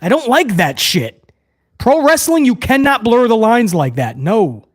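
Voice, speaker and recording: A man's voice: extremely high pitch, very animated, a little slow. A man hosting a live watch-along review, ranting heatedly to his chat with plenty of swearing. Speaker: host of a wrestling review show.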